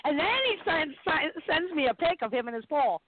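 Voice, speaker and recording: A woman's voice: high voice, expressive, a little fast. A woman co-hosting a casual radio chat, giggly and telling stories with lots of restarts. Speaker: co-host. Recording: tinny phone-line audio with hiss.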